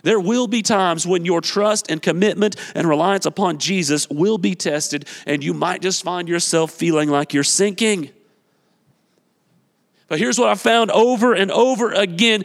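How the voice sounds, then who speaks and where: High-voiced male pastor preaching in a hall. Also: a little slow, creaky. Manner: energetic, exhorting, repeats phrases, acts out quotes. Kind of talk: sermon. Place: church sanctuary. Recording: long reverb of a large hall.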